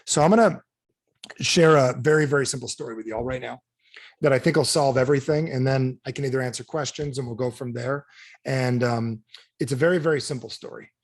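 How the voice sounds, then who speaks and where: A man's voice: medium pitch, brisk. A man giving a live sales training seminar as a motivational speaker, blunt and punchy, keeps quizzing the audience.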